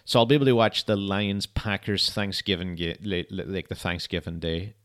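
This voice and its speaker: A man's voice: low voice, fairly even intonation, normal speed, fairly bright tone. A young man hosting a podcast, chatting casually in a rambling, laid-back way and swearing often. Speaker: podcast host. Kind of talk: casual solo chat.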